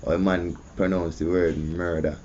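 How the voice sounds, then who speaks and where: Deep-voiced Jamaican man, muffled audio. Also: level tone, moderate pace, a little mellow, slight background noise. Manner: conversational, repeats "you see me". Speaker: host. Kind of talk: casual commentary.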